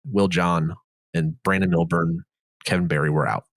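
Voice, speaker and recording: A man's voice: sits low, steady tone, normal speed. A man co-hosting a casual podcast, talking in a rambling way with lots of "like" and "literally". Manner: rambling, heavy use of "like" and "literally". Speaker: podcast co-host.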